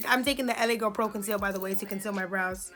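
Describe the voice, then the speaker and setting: A young woman in her twenties, a beauty vlogger telling an indignant, animated story while doing her makeup. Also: mid-range voice, fast, soft background music.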